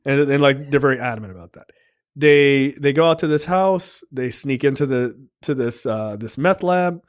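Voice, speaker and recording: A man co-hosting a podcast, retelling a show's plot in casual, animated chat full of swearing and fillers. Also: mid-range voice, moderate pace. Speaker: podcast co-host.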